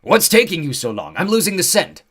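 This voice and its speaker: A man's voice: on the high side, big pitch swings, a little fast, a bit bright, breathy edge, pitched above the performer's own voice, full character voice. A man voicing a male centaur tracker who is frantic, blunt and fixated on following a scent.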